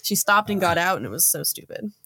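A woman's voice: on the low side, lively intonation, quick pace, sharp tone, no room sound. A woman co-hosting a podcast, telling a story in a chatty, casual way full of "like" fillers.

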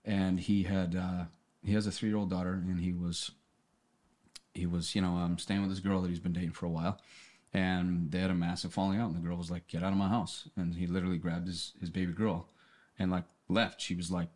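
Man, very low voice, earnest storyteller, casual podcast talk, restarts often. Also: flat delivery, a little fast, a little mellow. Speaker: podcast guest. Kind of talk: casual conversation.

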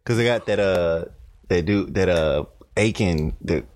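A man's voice: deep voice, a little slow, a little mellow, dry recording. Slangy young man telling stories, dry. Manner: loose, storytelling with slang. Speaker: podcast co-host. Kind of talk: casual chat.

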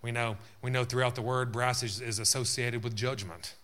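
A man's voice: mid-range voice, steady tone, normal speed, a bit bright. A male pastor preaching a sermon to his church, building in intensity with frequent amens.

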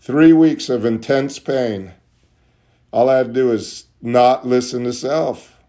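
A man candidly sharing at a recovery meeting, questioning himself aloud and dropping soft and low when he voices his inner thoughts. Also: takes it slowly. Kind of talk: candid personal talk.

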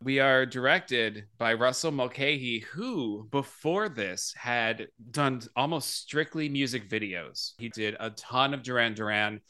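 Male podcast host, bright tense tone, chatty and self-mocking. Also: medium pitch, unhurried, few pauses, smooth. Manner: chatty, laughs often, self-deprecating. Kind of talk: casual podcast chat.

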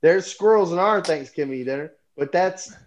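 A man from North Carolina co-hosting a live podcast, loud and profane, talking over the others in casual banter. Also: high voice, normal speed. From North Carolina, USA. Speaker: podcast co-host.

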